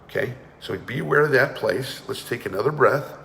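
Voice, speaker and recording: Gravelly-voiced man coaching a breathing class. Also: mid-range voice, normal speed, sharp tone, big-room sound, slight background noise. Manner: commanding, urges listeners to participate. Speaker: energy awareness coach. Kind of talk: guided energy and breathing class.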